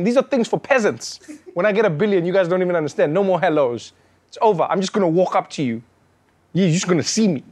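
High-voiced animated stand-up comedian man. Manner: animated, acts out characters in shouted bits. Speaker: stand-up comedian and show host.

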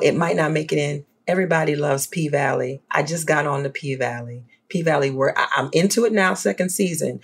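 A guest scholar from the American South with a New Orleans accent, talking in an animated, emphatic way in a casual panel discussion. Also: creaky, husky. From Southern United States. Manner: animated, emphatic, rising to high pitch for emphasis.

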